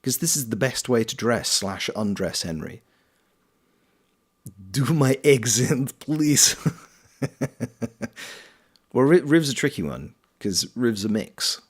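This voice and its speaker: Lively, playful South Coast English man. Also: lowish voice, measured pace. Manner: playful, reads and answers chat. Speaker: streamer and voice actor. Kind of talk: casual gameplay commentary.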